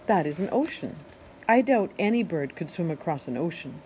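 A woman voicing a patient female robot mother, speaking in a measured, instructive way. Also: fairly low pitch, very animated, a little mellow, a little hiss or hum, rough recording. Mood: calm.

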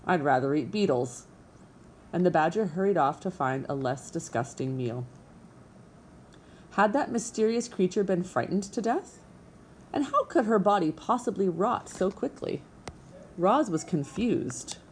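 A woman narrating a children's storybook in an expressive, measured way. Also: lowish voice, a little hiss or hum. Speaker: audiobook narrator.

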